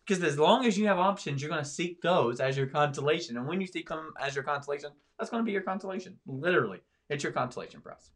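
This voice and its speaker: Fast-talking animated male pastor. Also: fairly high pitch. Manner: animated, quick preaching with emphatic swings. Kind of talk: sermon-style podcast discussion.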